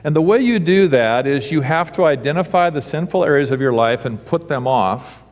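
A pastor preaches a sermon in a church sanctuary, opening with a humorous story before moving into teaching in a preacherly storytelling style. His voice sits on the high side with lively intonation and a moderate pace, and the recording carries long sanctuary reverb.

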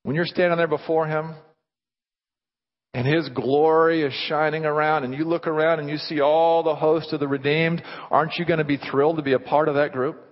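A man preaching a sermon as pastor, acting out little dialogues in an animated way. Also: on the high side, a little fast, big-room sound, dull audio.

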